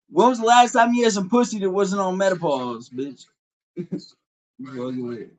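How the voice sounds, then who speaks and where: A man's voice: high voice, normal speed, darkish tone, rough recording. A man live-streaming, taunting someone with crude trash talk and insults. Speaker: livestreamer.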